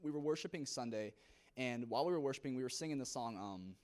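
Fast-talking young man giving testimony. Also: mid-range voice, animated, a little mellow. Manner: rapid, earnest storytelling with many fillers. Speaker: church youth member giving testimony. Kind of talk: church testimony.

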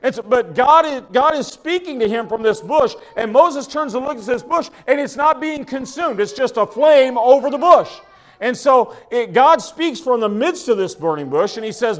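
A man's voice: very high-pitched, animated, normal speed. A man from preaching a sermon in a folksy, conversational way, often restarting his phrases. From Oklahoma. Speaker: pastor.

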